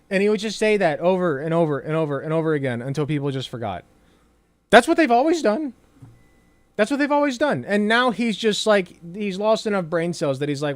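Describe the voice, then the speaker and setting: A man's voice: high voice, animated, normal speed, no echo, clean studio sound. A man giving casual political commentary. He reads news aloud and adds sarcastic asides, casual swearing and plenty of fillers.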